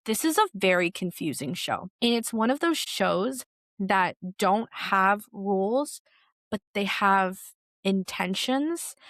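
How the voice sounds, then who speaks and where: A young woman hosts a podcast and talks through reality TV gossip in a loose, chatty way, filling her sentences with "like". Her voice has a gravelly fry, and the recording is dry and close. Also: mid-range voice, no echo. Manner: chatty, animated, full of "like" fillers. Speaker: podcast host. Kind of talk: solo pop culture commentary.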